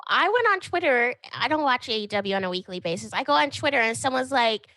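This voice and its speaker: A woman guesting on a podcast, chatting casually in an animated, opinionated way and acting out quotes. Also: fairly high pitch, fast talker, no echo.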